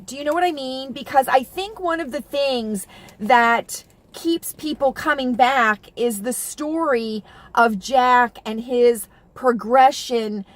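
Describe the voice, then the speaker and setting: A woman's voice: on the high side, dry recording. Chatty, rambling middle-aged woman. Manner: chatty and rambling, with many fillers and restarts; gushing and emotional about TV shows. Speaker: vlogger. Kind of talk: casual chat to camera.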